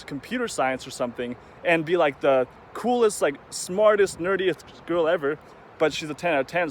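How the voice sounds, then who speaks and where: A man's voice: fairly high pitch, a little hiss or hum. A man talking casually to the camera in a rambling, conversational vlog, now and then acting out the voices of people he quotes. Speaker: vlogger.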